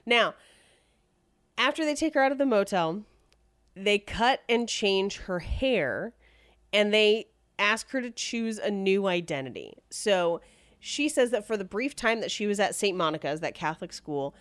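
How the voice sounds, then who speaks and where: A woman's voice: mid-range voice, expressive, a little slow, a bit bright, no room sound, clean studio sound. A woman hosting a podcast, casually telling a true-crime story in a chatty way and laughing often. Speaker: podcast host.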